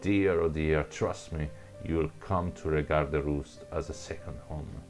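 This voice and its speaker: A man reading the part of a joking male archer soldier, in a plain halting delivery. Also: extremely low pitch, fairly even intonation, music in the background. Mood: jesting. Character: wry grown male archer soldier, jesting.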